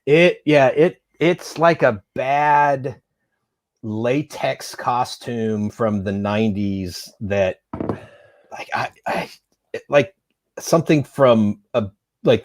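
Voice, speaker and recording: A man's voice: medium pitch, slow. A man co-hosting a film review podcast, talking bluntly with swearing and stammered restarts. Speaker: co-host, writer. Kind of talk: casual podcast chat.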